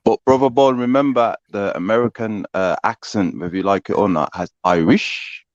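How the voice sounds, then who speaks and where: A man's voice: on the low side, normal speed, no echo. A man on an online panel, rambling in casual chat and often asking "you know what I mean". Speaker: panel participant. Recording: dry, dull lo-fi audio.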